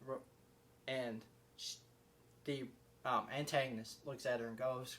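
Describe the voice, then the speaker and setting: A man giving a casual, rambling spoken movie review, excitable and full of fillers and restarts. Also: medium pitch, a little slow, pauses often.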